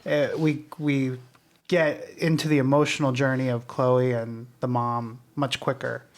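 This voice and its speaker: A man's voice: mid-range voice, level tone, a little slow. A man co-hosting a podcast, talking in a reflective, casual way with fillers. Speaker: podcast co-host. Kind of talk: casual chat.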